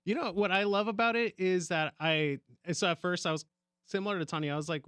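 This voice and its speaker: A man's voice: sits high, a little fast, a bit bright, clean tone, no echo. A man who works as the show's phone screener, chatting casually in a radio studio with lots of fillers. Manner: chatty, many fillers like "like" and "right". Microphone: studio microphone.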